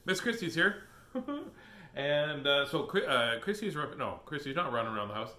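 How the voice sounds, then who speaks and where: A man's voice: mid-range voice, expressive, moderate pace, pushed and bright. Silly, playful man hosting a live stream. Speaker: host of a live children's book reading. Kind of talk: casual live-stream chat. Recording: echoey room.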